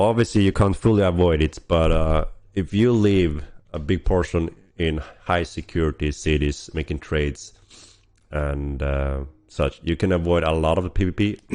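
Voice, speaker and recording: A man hosting a casual livestream Q&A while hoarse from a cold, with a rough, gravelly voice, coughing and clearing his throat often. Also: low voice, a little mellow. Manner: chatty, frequent throat clearing and laughs. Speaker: game developer hosting a weekly stream.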